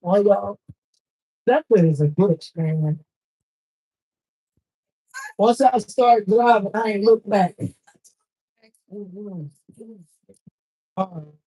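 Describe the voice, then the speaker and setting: On stage with a handheld mic, a woman emcees a live poetry show, trading loose, profane banter and laughing often. Her mid-range voice is mellow and husky, slow and full of pauses. The recording is rough.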